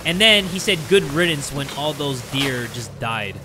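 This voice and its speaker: A young man giving let's play commentary on a horror game, joking around and yelling in excitable panic. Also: mid-range voice, moderate pace, noisy background. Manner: excitable, jokey, yells in panic. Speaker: gaming YouTuber.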